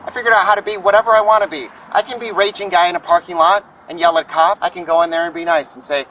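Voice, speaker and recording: A furious man rants and swears at police officers in a parking lot, his voice high and sharp. He is picked up from a distance by a body camera outdoors, with faint background noise. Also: very fast, hardly any pauses. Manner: angry, ranting, profane. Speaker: homeless activist confronting police. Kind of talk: heated street argument.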